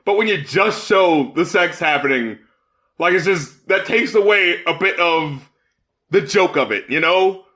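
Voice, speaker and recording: A man with a high, bright voice talking on a podcast. His pitch leaps all over as he rants, swearing freely and climbing into shouts. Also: animated, measured pace. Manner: heated, profane, rising to shouts. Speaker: podcast co-host. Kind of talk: casual chat.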